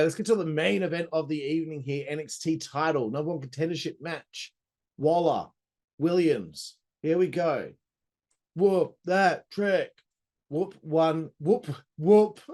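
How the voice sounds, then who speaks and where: A man's voice: medium pitch, a little mellow. A man hosting a casual wrestling review, rambling with crude jokes and asides. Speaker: host.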